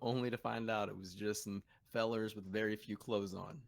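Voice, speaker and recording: Chill low-voiced guy hosting a podcast, laughs thru his stories. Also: steady tone, moderate pace, gravelly. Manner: laid-back, laughs while telling stories. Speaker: podcast host. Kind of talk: casual podcast chat.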